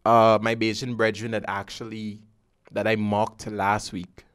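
A man's voice: fairly low pitch, flat delivery, a little slow, fairly bright tone, clear, resonant tone, no room sound, clean studio sound. A man from the Caribbean hosting a podcast in a loose, joking, conversational way. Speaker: podcast host. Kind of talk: casual podcast chat.

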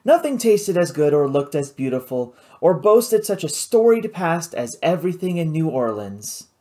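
An audiobook narrator reading a novel in a measured, descriptive storytelling manner. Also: medium pitch, very animated, dark tone.

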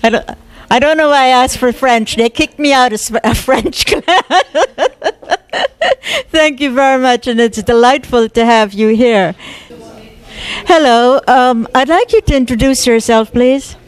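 Chatty woman tv host, smooth fairly high voice, upbeat, jokes about herself. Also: a little slow. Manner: chatty, upbeat, self-joking. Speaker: TV show host. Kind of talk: casual interview. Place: art gallery opening.

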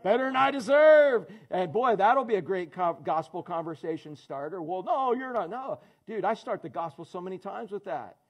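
A man's voice: high voice, animated, moderate pace, few pauses. A man preaching a sermon as pastor, conversational and joking, calling on people in the congregation by name. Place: church in front of a congregation.

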